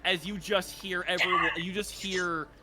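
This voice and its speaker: A man running a tabletop game as dungeon master, narrating excitedly, swearing freely and shouting out the lines of guards. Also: sits high, normal speed.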